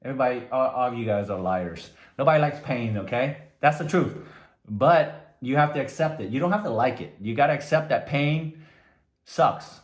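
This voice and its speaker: A man's voice: mid-range voice, animated, moderate pace. A man giving a conversational motivational talk, often tagging his points with "right?". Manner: conversational, frequent "right?" tags. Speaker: motivational speaker. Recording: echoey room.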